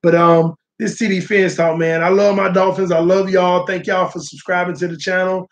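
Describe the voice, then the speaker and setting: Man, high voice, sports livestream host, casual, animated, talks to viewers. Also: moderate pace. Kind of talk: casual live-stream sports talk.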